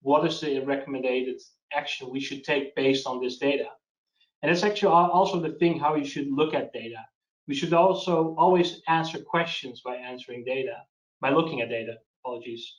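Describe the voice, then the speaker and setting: A man's voice: medium pitch, brisk, distant mic. A man presenting a webinar and answering questions in a casual, hesitant way, often restarting his sentences. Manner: hesitant, restarts, practical advice. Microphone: video call. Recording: lo-fi roomy web call.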